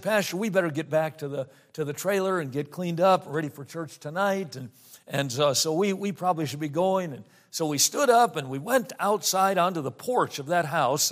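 High-voiced man telling a sermon story. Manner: storytelling, slows down for emphasis on scripture. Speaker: pastor.

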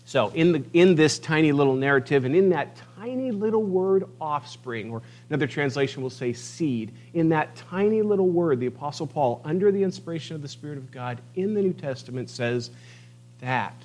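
A man preaching a sermon, emphatic, swinging between quiet asides and loud declarations as he reads scripture. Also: fairly high pitch, animated, brisk, hardly any pauses, slight background noise. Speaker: pastor.

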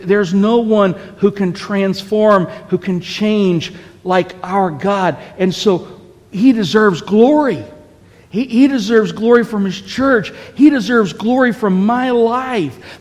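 Storytelling pastor in a reverberant hall. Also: male voice, high voice, slow. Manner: storytelling with frequent "okay?" asides. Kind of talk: sermon.

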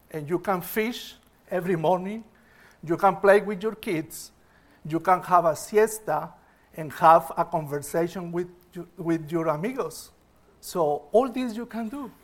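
A man voicing an ambitious male business executive who lays out his plans step by step, often opening with "well". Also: sits high. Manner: eager, explaining step by step, opens with "well".

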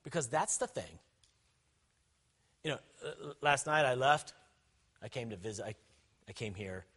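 A man, a pastor, preaching an impassioned sermon that swings from loud shouting to quiet, conversational asides. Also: medium pitch, animated, measured pace, husky.

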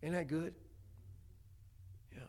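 A man's voice: a little high, steady tone, takes it slowly, gravelly, a little mellow. A middle-aged man preaching a homespun sermon, chatty, with many stammered restarts. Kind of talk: folksy sermon.

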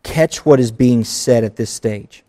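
A male pastor delivering a conversational sermon, mixing earnest teaching with quick acted asides. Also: medium pitch, warm tone.

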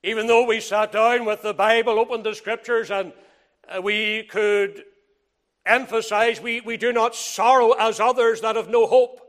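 A man preaching a sermon in old-fashioned scriptural phrasing, who swings from loud, emphatic lines to hushed, near-whispered ones and repeats phrases for emphasis. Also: extremely high pitch, flat delivery, normal speed, few pauses.

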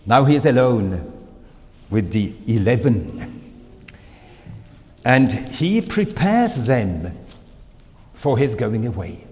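A man with a German accent delivers a sermon at an unhurried pace. His pitch swings widely as he stresses phrases, and he pauses often and fills gaps with "uh". The voice rings out with a long hall reverb. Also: very animated, darkish tone. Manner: slow, deliberate preaching with frequent pauses and fillers. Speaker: preacher.

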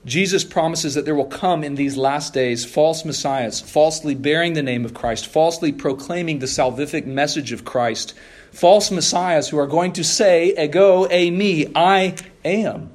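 A pastor delivering a sermon in an earnest, measured way, repeating key phrases for emphasis and sometimes stumbling over a restart. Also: male voice, on the high side.

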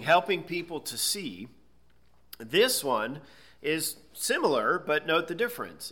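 A Bible teacher with a slightly high, bright, forceful voice delivers an expository lecture. He works methodically, explaining word meanings step by step and checking in with "okay?".

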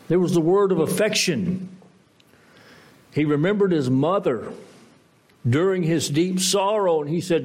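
Male pastor, sermon delivery: unhurried, emphatic, dramatic. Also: expressive, darkish tone. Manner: emphatic, dramatic swings in pitch.

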